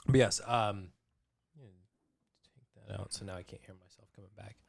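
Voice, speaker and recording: Lower-voiced guy chatting excitedly about a movie on a podcast, close mic. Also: gravelly. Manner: animated, excited, quick restarts. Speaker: podcast co-host. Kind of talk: casual movie review chat.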